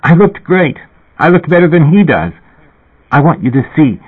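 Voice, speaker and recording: A man reading an audiobook, voicing a giddy, mischievous young woman with a husky, raised voice, on a tinny, phone-like recording. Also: on the high side, very animated, normal speed, voice pushed up. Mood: giggly. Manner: giggly, conspiratorial, gushing.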